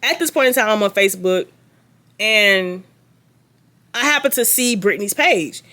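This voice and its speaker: A young adult woman vlogging a story in casual chat, animated and gossipy with sarcastic asides. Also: medium pitch, normal speed.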